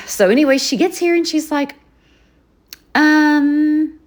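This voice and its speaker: A woman's voice: high-pitched, expressive, brisk, darkish tone. A woman vlogger telling a rambling story in a casual chat, full of fillers and asides. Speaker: journaling vlogger.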